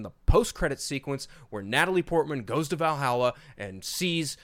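A man's voice: a little high, animated, moderate pace, hardly any pauses, a bit bright. Swearing, exasperated male podcast host. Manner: profane, exasperated ranting. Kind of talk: casual podcast chat.

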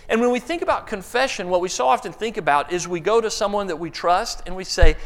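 A man's voice: high voice, quick pace, few pauses, fairly bright tone, big-room sound. A middle-aged man preaching a conversational sermon, telling stories and acting out voices along the way. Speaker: pastor.

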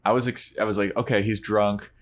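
Man, podcast co-host, casual recap chat, acts out quotes, slightly low voice. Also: brisk. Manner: animated retelling, acts out quoted lines.

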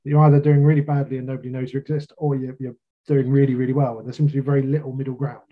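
A man's voice: mid-range voice, little pitch movement, racing, narrow, tinny audio. A man with a British accent, an author chatting casually in an interview, with a self-deprecating, jokey way of talking. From Britain.

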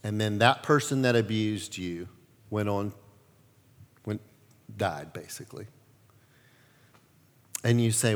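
A male pastor preaching a sermon, telling stories with lively acted-out quotes. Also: on the low side, slow, pauses often, in a large hall. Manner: animated storytelling, acts out quotes.

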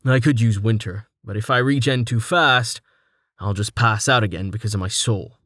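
A man's voice: on the low side, normal speed, a bit bright, no room sound, clean studio sound. A man voicing a worn-out young male adventurer in an audiobook, speaking in weary, clipped sentences. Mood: tired.

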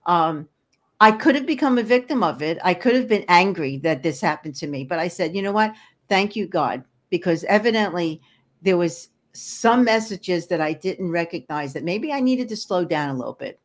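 Low-voiced woman, earnest energy healer. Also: animated, moderate pace. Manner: earnest, encouraging, with frequent restarts. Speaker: guest, energy healer and hypnotherapist. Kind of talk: podcast interview conversation.

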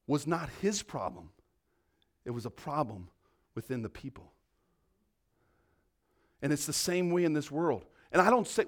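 A male preacher with a high voice delivers a fervent sermon. He keeps asking "right?" and swings from raised, urgent exhortation down to hushed prayer. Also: husky. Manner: peppers talk with "right?".

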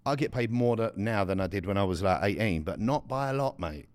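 A young man with a very deep voice co-hosts a casual podcast chat. He talks bluntly in slang and likes to explain things at length. The recording is dry, with no room sound at all. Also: expressive, a little fast, a little mellow, no echo. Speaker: podcast co-host.

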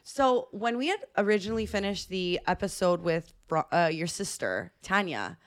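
A woman's voice: fairly low pitch, lively intonation, moderate pace. A young woman co-hosting a podcast, telling stories animatedly in casual chat and acting out the voices of the people she quotes. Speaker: podcast co-host.

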